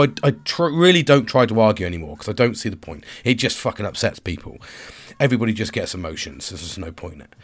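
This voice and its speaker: A man, stressed and tired, talking frankly to the camera in a rambling, sweary confessional monologue. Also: mid-range voice. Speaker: vlogger and father.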